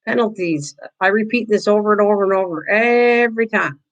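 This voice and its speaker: A woman's voice: mid-range voice, fairly quick, lo-fi sound. An older woman hosting a casual live-stream craft tutorial, chatting with viewers, teasing them and laughing often.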